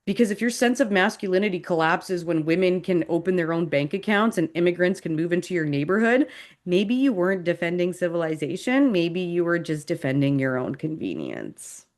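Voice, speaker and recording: A woman hosting a podcast, giving a sarcastic, animated commentary monologue. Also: on the low side, brisk. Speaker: podcast host.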